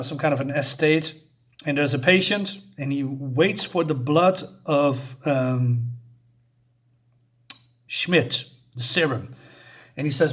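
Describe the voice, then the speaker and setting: A man reviewing a comic book in a casual, halting way, full of fillers and restarts while he recaps the story. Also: on the high side. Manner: halting, many fillers and restarts, reads quotes aloud.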